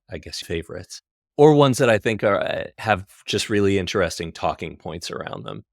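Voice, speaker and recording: Deep-voiced man hosting a podcast. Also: no echo, studio quality. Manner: thoughtful, hesitant, restarts his phrases. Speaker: podcast host. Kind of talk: podcast interview.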